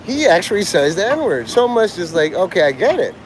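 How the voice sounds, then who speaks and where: A man's voice: sits high, sing-song, a little fast, a little hiss or hum, rough recording. A man livestreaming outdoors on a city street, rambling crudely and joking provocatively.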